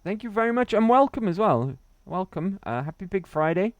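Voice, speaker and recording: A man's voice: high voice, big pitch swings, brisk, no room sound. A man from Wales, chatting and laughing through a gaming livestream while reading his chat. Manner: chatty, laughs often, reads chat aloud. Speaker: streamer.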